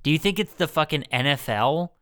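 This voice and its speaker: Podcast co-host, young man, smooth voice, profane and jokey. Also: a little high, expressive, fairly quick, fairly bright tone. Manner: profane, jokey, laughs often. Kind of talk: casual movie-recap chat.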